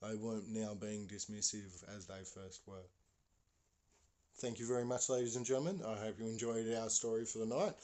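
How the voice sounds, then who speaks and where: A man's voice: on the low side, fairly even intonation, normal speed, mellow. A man telling a spooky story as a podcast host, casual and rambling with many fillers and restarts.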